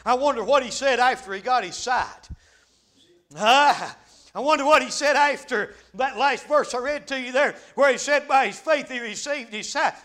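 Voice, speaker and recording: A man preaches a fervent revival sermon at a moderate pace, his pitch extremely high. He drops amens frequently and breaks into shouts.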